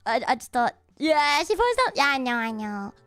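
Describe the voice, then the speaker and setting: A woman streamer chatting casually on a livestream, excitable and swearing freely, often breaking into laughter. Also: high-pitched, normal speed, no echo, faint music behind.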